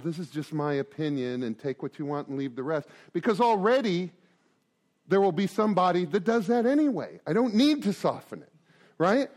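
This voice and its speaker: A man around sixty giving a joking, animated talk to a recovery group, full of rhetorical asides. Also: high voice. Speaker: recovery meeting speaker.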